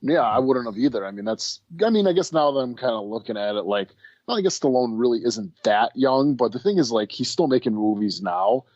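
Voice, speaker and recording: A laid-back man chats about movies as a podcast co-host, often pausing and restarting his thoughts. His mic sounds dull and slightly lo-fi, and there is no room echo at all. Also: mid-range voice, expressive, darkish tone. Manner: easygoing, hesitant, many restarts and fillers. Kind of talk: casual film-review chat.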